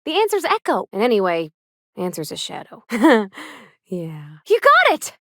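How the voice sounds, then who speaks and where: A woman's voice: medium pitch, huge pitch swings, measured pace, fairly bright tone, dry recording, clean studio sound, full character voice. An actress playing a sweet, earnest young woman ship engineer who talks in a folksy, homespun drawl, shy and kindly. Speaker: game companion character. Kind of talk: video game voice acting.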